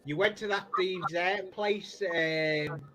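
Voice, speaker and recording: A co-host man drops in short casual remarks during a relaxed chat. His voice sits a touch high. A clearly audible hiss from the live stream audio runs beneath him. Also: slow. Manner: short interjections and brief comments.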